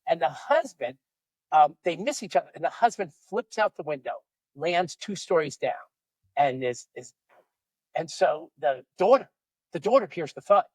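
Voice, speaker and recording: A man's voice: fairly high pitch, very animated, moderate pace, darkish tone, slightly rough, no echo, low-quality recording. A man co-hosting a podcast, joking around and telling a long story joke in playful banter. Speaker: podcast co-host.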